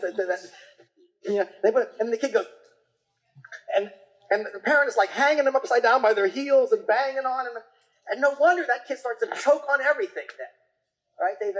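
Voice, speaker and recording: An acupuncture teacher giving a casual, rambling lecture, with frequent restarts and fillers and quick acted-out quotes of patients and parents. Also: mid-range voice, poor audio.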